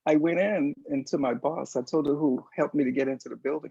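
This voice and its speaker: Gravelly, husky man telling a story. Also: a little high, fairly quick, few pauses, no room sound. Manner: animated storyteller, acts out quoted voices. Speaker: guest. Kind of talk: storytelling in a casual interview. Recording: dull lo-fi sound.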